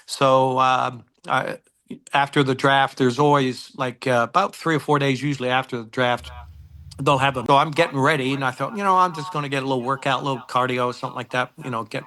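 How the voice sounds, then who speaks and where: An older man in his sixties spins a long story from his playing days as a guest on a sports interview. His voice sits at an ordinary, mid pitch for a man. He rambles, fills gaps with "uh" and "um", and acts out the back-and-forth of old conversations. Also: steady tone, fairly quick, pushed and bright. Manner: rambling, many filler words, acts out old dialogue. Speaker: former football kicker, guest.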